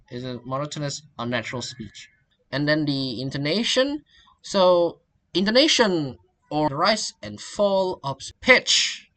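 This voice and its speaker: A young man, a student giving a class presentation, halting and often restarting his phrases. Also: a little high, sharp tone. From Indonesia. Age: young adult. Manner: halting, repeats and restarts phrases, links points with "and then".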